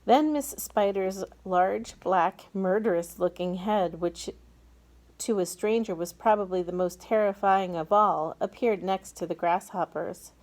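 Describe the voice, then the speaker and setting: A woman reading a children's novel aloud with steady, expressive storytelling. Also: medium pitch, unhurried. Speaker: reader.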